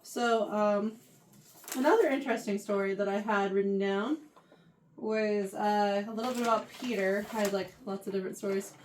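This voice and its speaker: A woman teaching a Bible lesson to a youth class, animated and often checking in with her listeners. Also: mid-range voice, normal speed, a little hiss or hum. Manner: animated, keeps checking in with "right?". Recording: voice heard from far off the mic.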